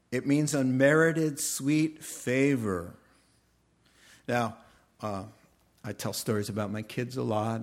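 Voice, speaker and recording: A middle-aged pastor delivers a sermon at an unhurried, deliberate pace, his voice sitting at an ordinary male pitch. He tells stories earnestly and slips into the voices of the people he quotes. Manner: earnest storytelling with quoted dialogue.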